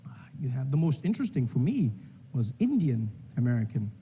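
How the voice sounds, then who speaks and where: A man's voice: mid-range voice, big pitch swings, brisk, warm tone, slight background noise. A South African man performing stand-up comedy in a conversational storytelling manner.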